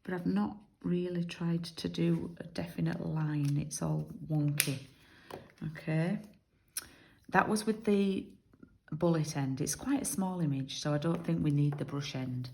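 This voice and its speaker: A British woman demonstrates card making in a chatty, step-by-step way. Her voice sits low, with a gravelly, mellow tone. She talks along as she works, explaining each move. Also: unhurried, slight background noise, rough recording. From United Kingdom. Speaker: craft demonstrator.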